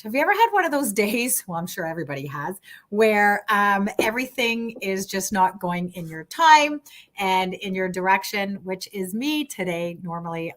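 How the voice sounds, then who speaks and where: A woman's voice: medium pitch, a bit bright. A middle-aged woman from Canada hosts an online talk show over a video call. She talks in a chatty, slightly flustered way, with lots of fillers and easy laughs. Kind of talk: casual online show chat.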